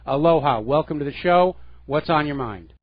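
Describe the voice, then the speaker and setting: A male radio host with a slightly high voice, breaking in firmly to give his own take. The sound is dry and close, with a somewhat dull, lo-fi tone. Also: animated, moderate pace, no room sound. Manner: assertive, interjects firmly. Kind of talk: talk radio hosting.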